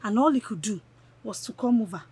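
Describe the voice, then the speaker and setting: A woman's voice: medium pitch, animated, brisk, a little mellow, a little hiss or hum, natural voice. A woman playing a spiteful scheming Nigerian woman. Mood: indignant. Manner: scornful, indignant. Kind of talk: Nollywood film acting.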